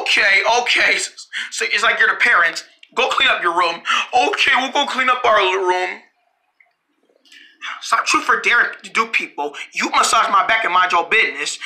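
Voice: mid-range voice, sharp tone. A storyteller acting out a playful, bossy back-and-forth among several characters, switching voices as they go. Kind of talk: playful improvised character play.

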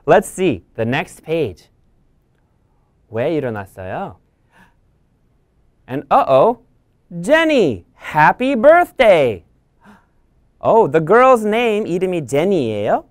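A woman English teacher reading a picture book aloud for children, animated and full of gasps as she explains each line. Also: lowish voice, normal speed, pauses often, no echo, studio quality. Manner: animated, gasping, bilingual explaining.

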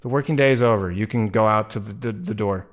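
A man's voice: on the low side, fast talker. A young man talks through a video game in casual let's-play style. He is jumpy and squeamish, often groaning, muttering and swearing at the screen. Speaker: gaming video creator.

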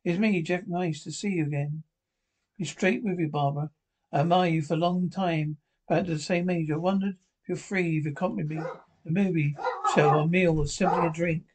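An actor playing a shy, earnest older Scottish widower, speaking in a halting sitcom delivery with a Scottish accent. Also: male voice, fairly high pitch, fairly even intonation, slightly rough, rough recording. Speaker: pensioner rehearsing asking a woman out. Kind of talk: sitcom acting.

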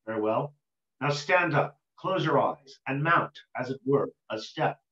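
A man voicing a mysterious unseen spirit who gives calm, measured commands in a told folk tale, recorded roomy and dull. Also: mid-range voice. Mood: commanding.

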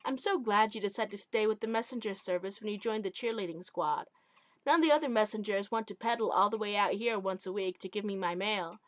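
A woman's voice: mid-range voice, brisk, no echo, studio quality, natural voice. A woman voicing a chatty, lonely old widow in a self-read short story.

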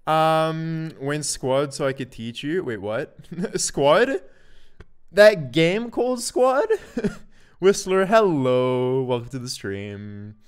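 A man streaming live in casual chat, greeting viewers by name and laughing often as he swings from loud yelps to mumbles. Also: medium pitch, lively intonation, slow, smooth. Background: faint looping music.

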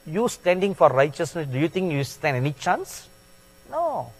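A man preaching a sermon in a slow, deliberate way, stressing words with sudden loud peaks. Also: on the high side, very animated. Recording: long hall reverb.

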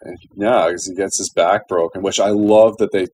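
A man's voice: low-pitched, steady tone, normal speed, a little mellow, slight background noise. A man co-hosting a casual chat, enthusiastic and swearing casually. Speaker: podcast co-host.

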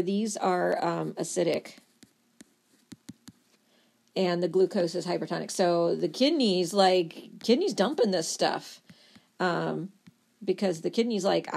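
Woman lecturer, animated playful storytelling, gravelly fry in her voice. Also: fairly low pitch, takes it slowly, long pauses. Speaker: nursing lecturer.

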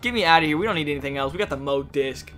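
A young man doing rambling, joking commentary while playing a video game, often yelling at it. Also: fairly high pitch, animated, racing, faint music behind. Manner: goofy, rambling, yells and jokes at the game. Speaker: gaming YouTuber. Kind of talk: let's play commentary.

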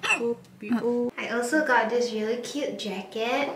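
A young woman, chatting excitably to the camera in a hotel room, now and then squealing. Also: a little high, unhurried. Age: young adult. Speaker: travel vlogger. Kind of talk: casual vlog chat to camera. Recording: roomy room with background noise.

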